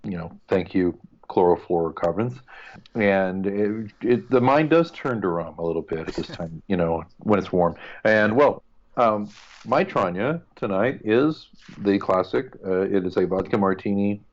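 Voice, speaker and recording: A man's voice: lowish voice, expressive, unhurried, lo-fi sound. A man co-hosting a podcast in casual chat, joking and rambling with asides. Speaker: podcast co-host.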